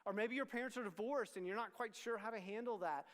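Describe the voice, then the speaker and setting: A man's voice: sits high, fast, a bit bright. A middle-aged man from Texas, a student ministry pastor, giving a candid youth sermon with many restarts and asides to the crowd. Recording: long hall reverb.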